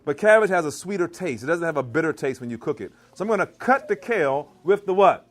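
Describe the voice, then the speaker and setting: A man from Maryland giving an animated live cooking demonstration in a church hall, teasing and quizzing his audience. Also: a little high, quick pace. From Maryland, US East Coast. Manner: animated, teasing, asks the crowd questions. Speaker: chef giving a cooking demo.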